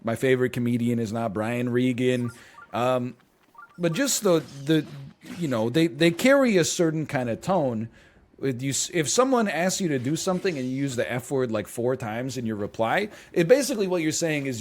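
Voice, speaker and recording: A young man reacts to posts on his stream, talking casually into a desk mic. His pitch swings widely as he mocks what he reads, often dropping into sarcastic put-on quotes. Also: expressive, moderate pace, slight background noise.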